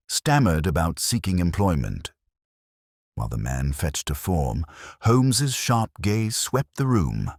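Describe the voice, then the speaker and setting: A man narrating a detective story in a measured, dramatic storytelling manner. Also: a bass voice, darkish tone, no echo, clean studio sound. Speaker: audiobook narrator. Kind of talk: scripted narration.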